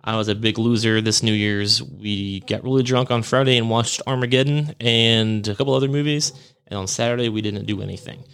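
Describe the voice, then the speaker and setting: Chuckling at himself and often backtracking, a podcast host loosely recounts a ghost story he experienced, as a casual monologue. He speaks a little fast in a fairly low, steady, clear voice that is resonant and slightly bright.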